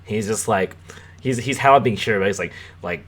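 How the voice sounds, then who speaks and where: Young male podcast host, low-ish voice, loose and profane, rambles and chuckles. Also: brisk. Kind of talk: casual chat.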